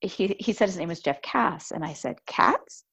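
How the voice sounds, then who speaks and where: A woman's voice: fairly low pitch, a little fast, gravelly, slightly rough. A woman podcast host chatting casually and telling a story, acting out the voices she quotes. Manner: lively storyteller who acts out quoted voices.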